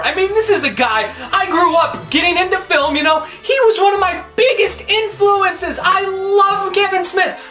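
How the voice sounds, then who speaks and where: Woman movie reviewer, high sharp voice, swearing a lot, soft music behind. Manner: profane, exasperated ranting. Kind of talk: ranting movie review countdown.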